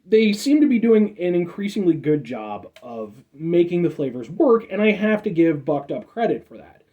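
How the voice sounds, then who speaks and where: A man's voice: high-pitched, sing-song, moderate pace, phone-quality sound. A man casually reviewing an energy drink, rambling and joking as he signs off to his viewers. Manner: rambling, jokey sign-off with repeated "folks".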